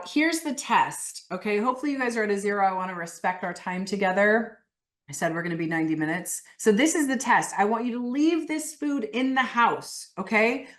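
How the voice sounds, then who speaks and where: A woman coaching a live online group, guiding people through their cravings with slow, emphatic, repeated phrases. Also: mid-range voice. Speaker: weight-loss coach.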